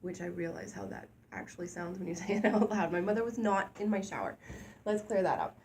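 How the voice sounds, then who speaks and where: A woman co-hosting a casual talk show, candid and animated, speaking openly and getting louder when she is excited. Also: fairly low pitch, fairly quick, slight background noise. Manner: candid, animated, self-deprecating, gets loud when excited. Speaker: co-host. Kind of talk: casual conversational podcast chat.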